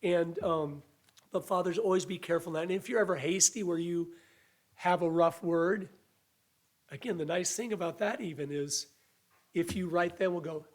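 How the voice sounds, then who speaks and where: A high-voiced man delivering a sermon. He speaks earnestly and conversationally, with a voice that sounds a little weak. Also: normal speed. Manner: earnest, conversational preaching with restarts and acted quotes. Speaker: preacher.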